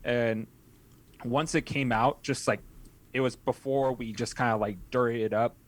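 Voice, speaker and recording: Young man, podcast guest, casual storytelling, rambling, keeps restarting his sentences, mid-pitched voice. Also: fairly even intonation, moderate pace. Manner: rambling, many restarts and self-corrections. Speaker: podcast guest, haunt scare actor.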